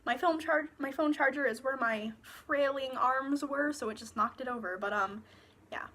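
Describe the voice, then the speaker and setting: A woman's voice: high voice, normal speed, a bit bright. A young woman reviewing books in a casual, sarcastic rant, swearing freely, recorded on her phone. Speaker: book reviewer.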